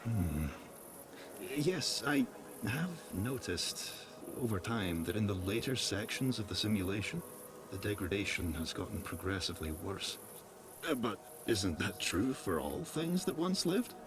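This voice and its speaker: A man voicing a calm, wistful figure who lives inside a decaying simulation, speaking slowly and thoughtfully with a light British accent. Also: on the low side. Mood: musing. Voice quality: slow, thoughtful, softly spoken. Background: game music.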